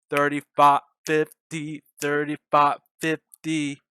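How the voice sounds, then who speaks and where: A young man giving loud, joking live commentary on his day trades, bantering and swearing with his chat. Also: fairly high pitch, unhurried, smooth. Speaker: day trading streamer.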